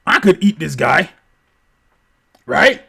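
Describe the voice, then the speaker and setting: Man voicing a brash young woman, pushy, higher pitch. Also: big pitch swings, takes it slowly, gravelly, bright, forceful tone, husky, heavily acted. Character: bold, hungry young woman.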